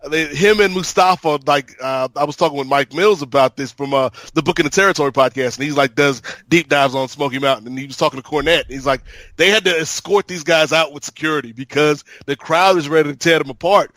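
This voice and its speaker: A man with a slightly raised pitch co-hosts a podcast and tells his stories at an even, measured pace. He often doubles up on words as he works out his point. The recording is dry and close to the mic. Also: no echo. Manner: measured, storytelling, repeats words while thinking. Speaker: podcast co-host. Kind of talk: casual chat.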